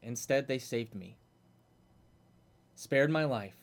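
A man's voice: medium pitch, takes it slowly. A man voicing an earnest male warforged automaton guard who tells his story plainly.

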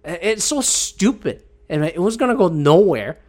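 A man hosting his own podcast and venting with plenty of swearing. His pitch leaps up and down in a lively, exasperated rant, and he sounds a little teary and keeps gulping. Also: moderate pace. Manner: profane, exasperated ranting. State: teary and gulping after a swab test. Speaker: podcast host.

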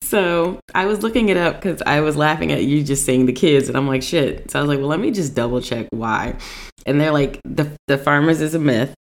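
A woman chatting casually as a co-host, telling stories with lots of laughter and swearing, her voice jumping up when she quotes herself. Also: fairly quick. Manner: animated storytelling, jumps high when quoting herself; profane, laughs often. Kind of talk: casual chat.

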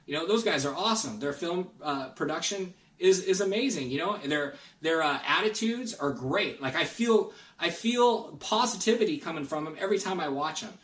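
A man's voice: a little high, lively intonation, normal speed, few pauses, fairly bright tone. A man guest on a collecting podcast, talking in an earnest, rambling way with many restarts. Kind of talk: casual podcast chat. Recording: roomy, distant mic.

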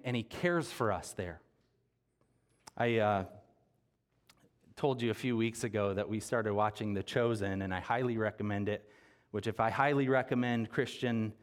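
Male pastor, sermon delivery in a church, earnest, average pitch, natural restarts. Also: clean tone. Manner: earnest, with restarts and repeated words. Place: church sanctuary.

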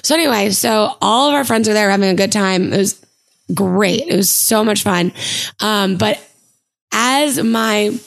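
Gravelly-voiced chatty woman in her thirties. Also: mid-range voice. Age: 30s. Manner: chatty storyteller, quick and animated. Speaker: podcast co-host. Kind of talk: casual chat.

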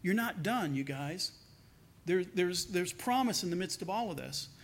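High-voiced pastor preaching conversationally. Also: male voice, animated, normal speed. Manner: conversational, acts out quoted voices with lowered pitch. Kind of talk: sermon.

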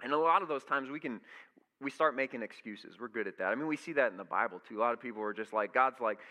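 A young adult pastor preaches to his church in a fast, animated, conversational style, storytelling and voicing people's quoted thoughts and words. His medium-pitched voice is bright and forceful, and the sanctuary adds echoey hall reverb.

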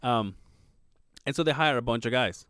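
His voice is mid-range and his speed normal, captured dry with clean studio sound. The man, a podcast co-host who first spoke Spanish, tells a story from work in relaxed chat, swearing with energy and voicing quotes as his pitch leaps up.

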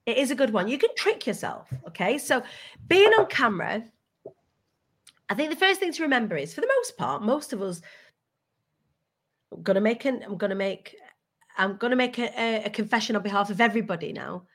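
Upbeat woman guest, high voice. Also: a little fast, pauses often. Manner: candid, energetic, swears casually. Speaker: guest speaker. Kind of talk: motivational talk.

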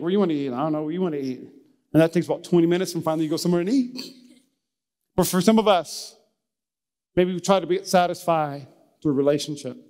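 A man's voice: high voice, big-room sound. A male pastor preaching a sermon in a church, emphatic and pleading, peppering his talk with "man". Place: church sanctuary.

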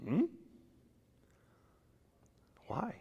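A man preaching a sermon as pastor, animated, acting out quoted excuses, his voice swinging from loud peaks to quiet drops. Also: very slow, dull audio. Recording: long reverb of a church hall.

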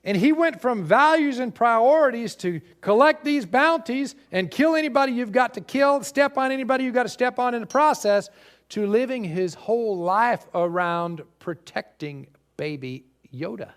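A man preaching a sermon as pastor, animated and rising loud on key points, recorded for a live stream. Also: very high voice, moderate pace.

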